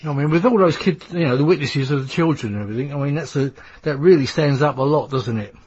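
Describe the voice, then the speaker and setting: A man's voice: on the high side, fast talker, darkish tone, husky. Easygoing male podcast host, muffled audio. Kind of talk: casual interview chat. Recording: dull lo-fi audio.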